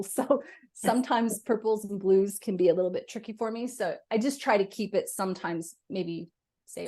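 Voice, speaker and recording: Woman medium guest, lively expressive talker, mid-pitched, casual interview. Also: normal speed. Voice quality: animated, talks with her hands.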